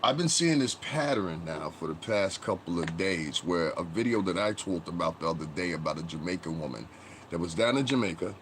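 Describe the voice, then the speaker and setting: A man's voice: low voice, lively intonation, a little fast, a little hiss or hum. A man hosting a casual live-stream commentary, rambling conversationally and greeting chat viewers as he talks. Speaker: livestream commentary host.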